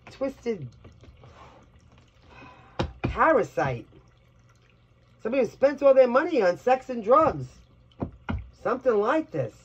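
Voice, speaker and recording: A woman from Brooklyn with a New York accent doing a collective tarot reading to camera, talking in a blunt, crude, chatty way. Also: on the low side. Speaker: tarot reader. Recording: dull lo-fi audio with faint hiss.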